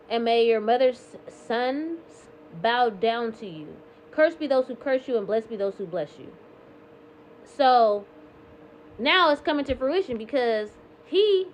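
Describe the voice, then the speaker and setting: A woman's voice: on the high side, slight background noise. A woman casually retelling scripture passages in her own words, with lots of "like" and "um", slipping between quoting and paraphrasing. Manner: chatty paraphrase with frequent "like" and "um". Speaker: Bible reading vlogger.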